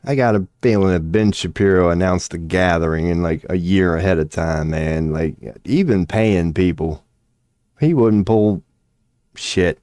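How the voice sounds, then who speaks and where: Low, dark-voiced man ranting. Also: measured pace, no room sound, studio quality. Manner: profane, mocking, drawling. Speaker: streamer. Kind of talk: casual rant commentary.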